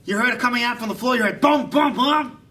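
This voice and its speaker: Man doing a high, bright preachy rabbi storyteller. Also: recorded from a distance. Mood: preachy storytelling. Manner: sermon-like, drawn-out emphatic delivery. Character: earnest older male rabbi storyteller, preachy. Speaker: jester performing an impression. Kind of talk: comic impression of a storytelling rabbi. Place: live event stage.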